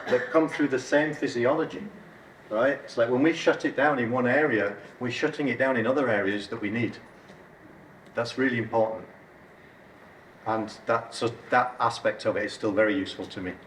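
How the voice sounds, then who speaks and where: A man's voice: medium pitch, fairly even intonation, moderate pace, slight background noise. A man speaking at a wellbeing event, emphatic and joking as he explains his ideas. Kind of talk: talk on wellbeing. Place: event hall. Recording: roomy hall audio from a distance.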